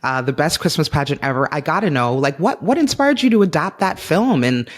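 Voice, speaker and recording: Male host for a faith chat show, encouraging and affirming, a bit high-pitched. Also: animated, brisk. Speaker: podcast host. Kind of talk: warm faith-based interview chat.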